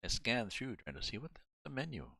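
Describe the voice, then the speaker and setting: A man's voice: mid-range voice, sing-song, brisk, creaky, pushed and bright, dry recording. A man streaming a farming game, chatting casually and thinking aloud as he goes. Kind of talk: casual gameplay chat.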